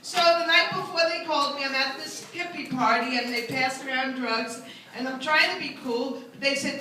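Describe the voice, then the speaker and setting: A woman's voice: high-pitched, normal speed, sharp tone, a little hiss or hum. A woman in her sixties telling a live stand-up story, chatty and self-mocking, often slipping into character voices. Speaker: stand-up comedian. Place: live comedy venue with an audience. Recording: very echoey room, mic at a distance.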